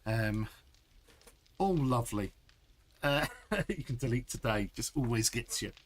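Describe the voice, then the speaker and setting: A man's voice: mid-range voice, animated, a little slow, pauses often, slight background noise. A middle-aged man chatting through a live gameplay stream, laughing often and answering chat. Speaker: game streamer.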